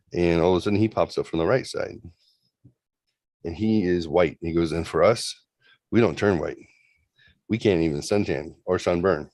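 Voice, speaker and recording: A man's voice: low voice, moderate pace, pauses often, darkish tone, dry recording. A man telling a rambling spooky story in a casual way, slipping into raised voices for the people in it. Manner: rambling, acts out voices in quotes. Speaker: host retelling a story.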